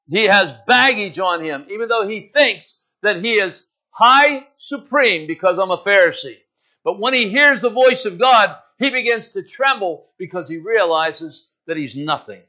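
Animated high-voiced male preacher. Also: muffled recording. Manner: animated, dramatic, acts out scripture. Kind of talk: sermon.

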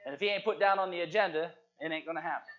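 A male preacher with a fairly high voice delivers a lively sermon to a congregation, dropping to quiet asides and then rising to shouts. The recording is dull and lo-fi. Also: very fast. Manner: lively, call-and-response preaching, swings from hushed to shouting. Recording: dull lo-fi sound.

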